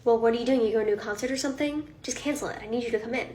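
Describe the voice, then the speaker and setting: A woman's voice: a little high, rapid-fire, darkish tone, echoey room, slight background noise, lightly acted. A woman playing a pushy, demanding boss. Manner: pushy, dismissive, guilt-tripping.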